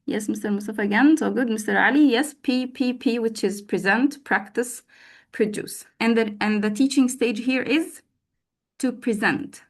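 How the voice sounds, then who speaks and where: A woman's voice: on the high side, moderate pace. Woman teacher trainer, live web class, chatty and encouraging, lots of fillers. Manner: lively, calls on participants by name, frequent fillers.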